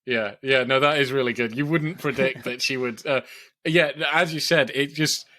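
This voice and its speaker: A man's voice: mid-range voice, moderate pace, sharp tone. A man co-hosting a film podcast in casual chat, laughing often as he retells funny scenes and quotes their lines. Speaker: podcast co-host.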